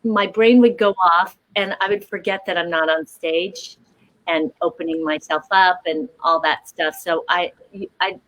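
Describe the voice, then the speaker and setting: A woman's voice: on the low side, fairly even intonation, a little slow, fairly bright tone, poor audio. A woman actor on a festival panel, chatty and self-deprecating, with many hesitant fillers. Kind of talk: panel discussion.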